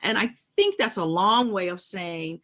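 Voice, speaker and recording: Co-hosting a laid-back discussion, a woman weighs her points carefully, speaking with reflection and emphasis and performing the lines she quotes. Her voice is mid-range with a fairly bright tone, delivered at a measured pace.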